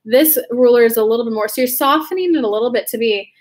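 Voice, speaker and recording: A young woman from California chats her way through a horoscope card reading, friendly and upbeat. Her voice sits a little high, and she talks in a loose, conversational way. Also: quick pace. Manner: chatty and upbeat, laughs at her own slips. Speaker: intuitive card reader.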